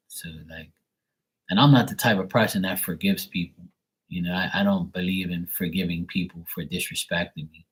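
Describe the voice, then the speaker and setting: A man's voice: low-pitched, breathy edge, low-quality recording. A man talking casually and bluntly, venting with plenty of swearing. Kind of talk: casual chat.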